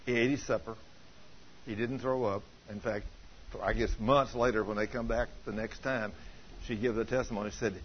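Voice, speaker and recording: A middle-aged man preaching a sermon in a church, telling stories fervently and rising to loud emphasis. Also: medium pitch, steady tone, moderate pace, highs cut off, slight background noise. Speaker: pastor.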